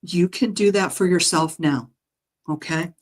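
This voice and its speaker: A woman reading out a spiritual healing message, her voice sitting low for a woman. She speaks slowly and gently, pausing often and filling the gaps with soft ums. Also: low-quality recording. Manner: gentle, halting, with frequent ums and soft laughs. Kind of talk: guided meditation message reading. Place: home live stream.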